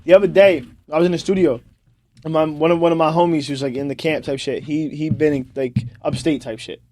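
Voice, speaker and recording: A man's voice: on the high side, steady tone, a little fast, darkish tone. A young man with a New Jersey accent, co-hosting a podcast in loose, profane, laughing banter. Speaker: podcast co-host. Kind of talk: casual chat.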